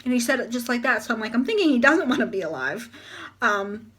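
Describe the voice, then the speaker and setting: A woman's voice: fairly high pitch, sing-song, fast talker, a bit bright, breathy edge. A young woman telling a story in a casual vlog, rambling and chatty with lots of filler words. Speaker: vlogger.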